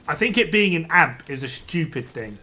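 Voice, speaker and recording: A man gives casual gameplay commentary to his stream chat. His voice sits a little high and comes out bright and forceful as he rants about game balance. He swears freely and sounds thoroughly exasperated. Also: big pitch swings, moderate pace.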